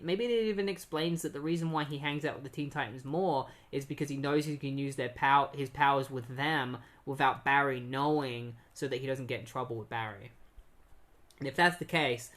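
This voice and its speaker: A man's voice: mid-range voice, fairly bright tone. A man casually recapping comic issues on a podcast, rambling with many fillers and restarts. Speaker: podcast host.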